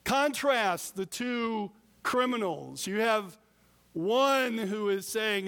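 A man preaching a sermon as pastor, deliberate with emphatic pauses. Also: high voice, animated, a bit bright, smooth, in a large hall.

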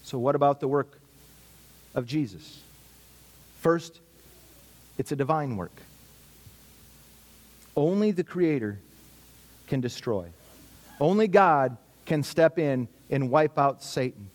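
A man's voice: medium pitch, expressive, slow, pauses often. A middle-aged man preaching a sermon in a conversational way, asking rhetorical questions and repeating his key phrases. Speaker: pastor.

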